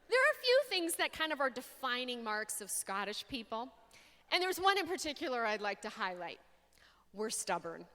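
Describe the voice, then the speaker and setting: Young woman from Canada, a slightly high voice, speaker giving an expressive faith story with pauses, heard through long hall reverb. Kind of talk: faith talk to an audience. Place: large hall.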